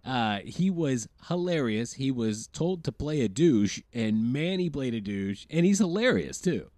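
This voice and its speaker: A man's voice: medium pitch, sing-song, unhurried, a little mellow, no room sound. A middle-aged man co-hosting a podcast, chatting casually about a movie in a rambling, hesitant way. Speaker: podcast co-host. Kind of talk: casual movie recap chat.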